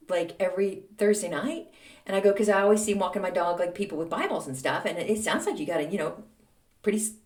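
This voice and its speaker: A chatty woman with a drawl spins a long, rambling story, her pitch swooping up and down as she acts out both sides of the conversation. She sits a little back from the mic, and the room rings around her voice. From Texas. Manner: chatty, animated, with many fillers and acted-out quoted dialogue. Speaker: podcast host. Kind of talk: casual storytelling monologue. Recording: roomy, a little distant from the mic.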